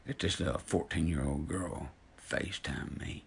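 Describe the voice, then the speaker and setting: Speaking directly to his online followers, an indignant man in his fifties delivers an angry rant, preaching and confronting people head-on. His very deep voice holds a steady tone at normal speed, with vocal fry, few pauses, and a bit of brightness, over slight background noise.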